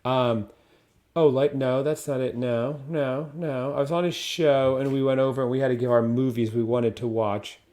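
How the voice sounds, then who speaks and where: A man's voice: mid-range voice, steady tone, moderate pace, a little mellow. A man co-hosting a casual podcast, chatty and talkative, reading film blurbs aloud. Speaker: podcast co-host. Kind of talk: casual chat.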